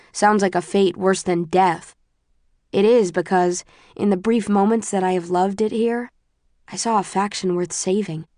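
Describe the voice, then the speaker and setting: A woman narrating a novel in the first person, with a measured, introspective and even delivery. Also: mid-range voice, no echo, clean studio sound. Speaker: audiobook narrator.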